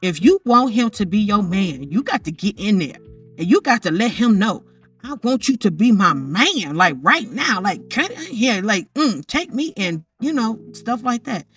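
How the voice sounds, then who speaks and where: A woman's voice: medium pitch, very animated, normal speed, a bit bright, slightly rough, distant mic, faint music behind. A woman doing a blunt, bossy girlfriend. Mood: urging. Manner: blunt, urging. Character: bold young woman friend giving advice.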